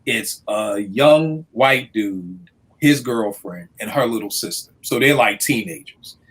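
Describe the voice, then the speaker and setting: A man in casual podcast talk, telling stories in a lively way and acting out the people he quotes. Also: fairly low pitch, slow, husky. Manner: animated storyteller, acts out quotes.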